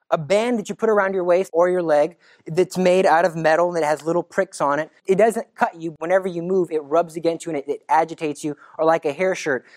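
A teacher giving a religious storytelling talk, animated and dramatic, swinging between loud and hushed delivery. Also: mid-range voice, dry recording.

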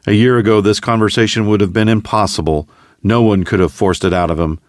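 A man narrating a dramatic story in a steady, measured way. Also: lowish voice, no echo, clean studio sound. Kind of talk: scripted narration.

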